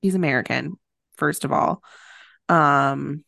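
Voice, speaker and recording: A woman's voice: low-pitched, slow pace, vocal fry, fairly bright tone, no echo, clean studio sound. A woman co-hosting a casual podcast, recapping a movie in a chatty way with lots of fillers. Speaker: podcast co-host.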